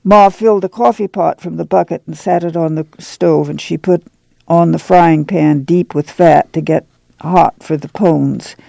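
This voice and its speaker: A man narrating an audiobook in a measured, even storytelling manner. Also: on the high side, creaky, no room sound.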